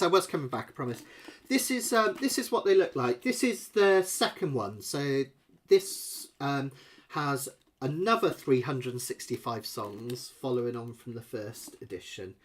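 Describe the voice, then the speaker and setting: A man's voice: medium pitch, a bit bright, breathy edge. A middle-aged man, rambling and chatty as he hosts a live ukulele lesson Q&A from home. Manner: chatty, rambling, self-deprecating, fillers. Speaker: ukulele teacher.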